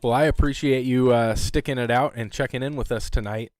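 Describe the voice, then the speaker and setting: A man hosting an amateur radio net in easygoing casual chat, chuckling often and filling pauses with ums and uhs. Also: medium pitch, fairly even intonation, a little mellow, dry recording.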